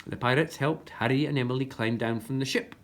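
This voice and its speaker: A woman reading a children's story aloud with expressive narration. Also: rumbling low, fairly quick.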